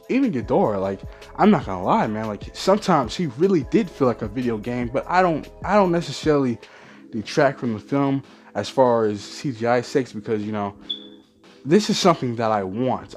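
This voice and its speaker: A man's voice: mid-range voice, darkish tone. A man ranting in a movie review vlog, profane and exasperated, often mimicking lines in mock quotes.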